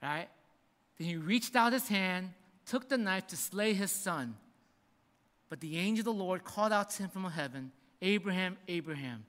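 A man preaching a sermon as a pastor, telling the story with animated acting-out of the characters. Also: high voice, normal speed. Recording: reverberant hall.

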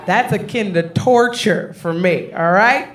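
A woman comedian telling a brash, profane, animated story on stage. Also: medium pitch, unhurried, soft background music. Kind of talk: stand-up storytelling. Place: live comedy show.

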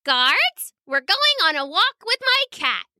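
A woman's voice: sing-song, takes it slowly, pushed and bright, dry recording, clean studio sound, heavily acted. Woman playing an eager little princess. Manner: high, eager, childlike. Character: excited little girl princess.

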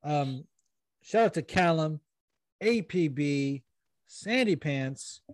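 A man's voice: a little high, animated, slow pace, dry recording. A young man hosting a podcast in casual chat, rambling and self-deprecating, swearing now and then. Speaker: podcast host.

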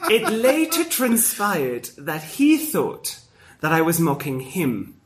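A man's voice: a little high, huge pitch swings, takes it slowly, fairly bright tone. A young man from Spain, chatting casually and telling a story, restarting sentences and laughing often. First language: Spanish.

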